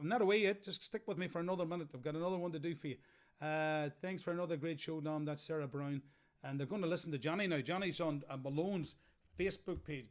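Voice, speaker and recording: An Irish man hosting a live stream from home, chatting casually between songs and reading out viewer comments. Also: on the high side. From Ireland. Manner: chatty, relaxed, local turns of phrase. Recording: live stream with loud music behind. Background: music.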